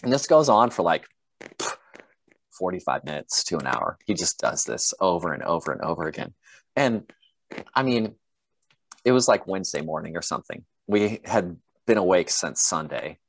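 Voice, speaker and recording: A man's voice: low voice, very animated, moderate pace, a little hiss or hum. A man in an interview casually telling a story, laid-back, swearing freely and laughing at his own tale. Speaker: interview guest.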